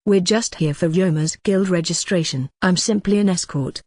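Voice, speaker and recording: A woman's voice: fairly low pitch, normal speed, darkish tone, dry recording, clean studio sound, natural voice. A woman voicing a polite, middle-aged male trading-company president in a plain storybook manner.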